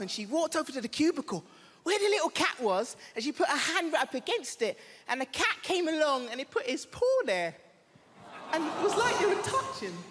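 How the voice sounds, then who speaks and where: A man doing animated stand-up comedy, acting out the people in his story. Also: very high voice. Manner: animated, acts out characters. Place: large theatre with live audience. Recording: echoey live theatre stage with audience noise.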